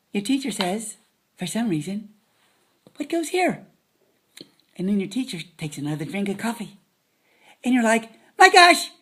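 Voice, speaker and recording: High, husky woman; playful kids' math teacher with silly asides. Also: darkish tone.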